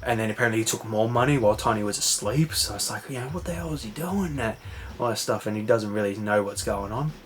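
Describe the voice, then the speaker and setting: A man's voice: fairly low pitch, lively intonation, fast talker, a little hiss or hum. A man rambling through a casual recap, full of fillers and swearing. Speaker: vlogger. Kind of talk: casual late-night recap chat.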